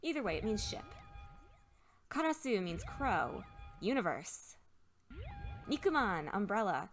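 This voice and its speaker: Lively chatty woman commenting on a game. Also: mid-range voice, measured pace, soft background music. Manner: chatty, thinks aloud while looking words up. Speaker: let's play host. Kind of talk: casual game commentary, explaining Japanese words.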